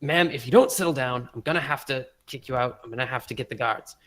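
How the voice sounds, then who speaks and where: A man's voice: medium pitch, fast talker, fairly bright tone, close to an everyday voice. Man playing a strained, clipped clerk. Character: strained male clerk at a table, barely patient.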